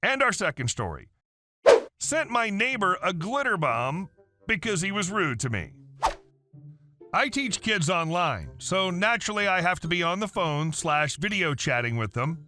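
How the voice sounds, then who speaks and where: A man narrating story posts in a scripted, wry, animated way. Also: sits high, unhurried, music in the background.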